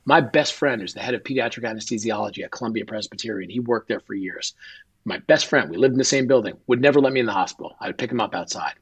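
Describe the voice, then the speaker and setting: A man's voice: mid-range voice, fast, slightly rough. A man, a guest and author, telling an emotional personal story in an interview and acting out quoted dialogue.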